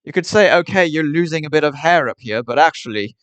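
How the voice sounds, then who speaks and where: A man's voice: fairly high pitch, expressive, quick pace, a bit bright, smooth, no echo. A young man chatting casually on a livestream in a rambling, wry way, with mock-formal phrasing.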